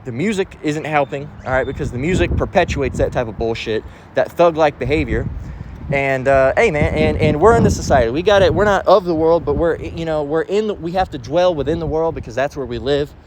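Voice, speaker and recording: A man's voice: on the high side, fairly quick, background noise. A man giving an informal spoken sermon, rambling and emphatic, with frequent swearing. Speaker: preacher.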